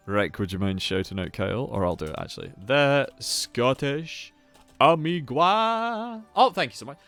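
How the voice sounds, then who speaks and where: A young man chats on a live game stream, his pitch leaping wildly up and down as he loudly greets viewers. His voice is bright and sits a little high, with soft music playing behind him. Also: moderate pace. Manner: animated, loud greetings to viewers; swears casually, rambles. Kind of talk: casual live-stream chat.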